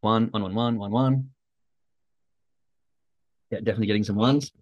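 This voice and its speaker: A man's voice: lowish voice, fairly even intonation, moderate pace, no echo, muffled recording. A man hosting a casual motivational call, talking to a live chat in a loose, conversational way full of fillers. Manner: conversational, uses many fillers, acts out quoted thoughts. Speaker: podcast host.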